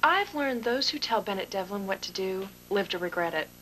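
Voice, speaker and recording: A woman's voice: mid-range voice, lively intonation, normal speed, fairly bright tone, slight background noise, close to an everyday voice, rough recording. An actress playing a guarded young woman who speaks in a wry, careful way in a TV drama. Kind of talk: daytime TV drama acting.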